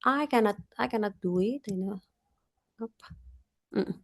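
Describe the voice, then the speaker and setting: A woman poet from Iran with a heavy Persian accent, speaking hesitantly and then reading her poem aloud over a video call. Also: mid-range voice. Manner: hesitant, halting with many fillers. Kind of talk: poetry reading.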